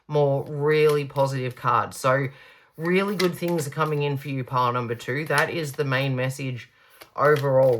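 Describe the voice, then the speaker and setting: A woman's voice: rumbling low, slight background noise. A woman giving a pick-a-card tarot reading, gushing and reassuring, stretching out her emphatic words.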